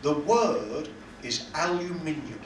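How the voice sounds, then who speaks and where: A man's voice: fairly high pitch, expressive, slow, very noisy. A man with a British accent doing stand-up comedy in a cruise ship cabaret lounge, self-deprecating and teasing the audience. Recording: echoey room, heard from a distance.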